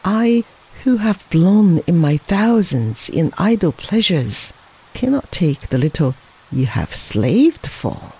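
A reader voicing a strong, hearty gentleman who speaks firmly and reassuringly. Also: high voice, sing-song, takes it slowly, vocal fry, husky, full character voice.

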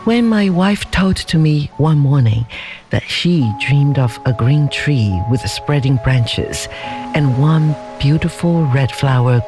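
A man reading the part of a proud immigrant merchant father who speaks calmly and solemnly. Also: on the high side. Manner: calm, solemn storytelling.

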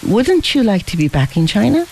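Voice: mid-range voice, sing-song, normal speed, gravelly, a little mellow, slight background noise, pitched above the performer's own voice, rough recording. A reader voicing a careless, well-off young man who jokes and teases but turns earnest. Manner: joking, then earnest.

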